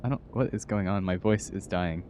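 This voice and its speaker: A man's voice: low voice, fairly quick, darkish tone, slight background noise. A man streaming live, chatting casually and playfully with his viewers and laughing often.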